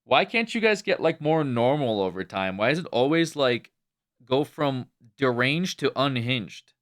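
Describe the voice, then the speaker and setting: A man's voice: mid-range voice, animated, measured pace, a bit bright. Young man rambling casually with filler words. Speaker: livestreamer. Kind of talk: casual stream chat.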